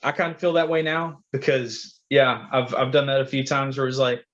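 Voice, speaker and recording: A man's voice: mid-range voice, little pitch movement, moderate pace, a bit bright. A man on a podcast, chatting casually as a father and telling long rambling stories, acting out the quotes. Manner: rambling storyteller, acts out quotes. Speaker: podcast co-host. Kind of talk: casual chat. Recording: dull lo-fi sound.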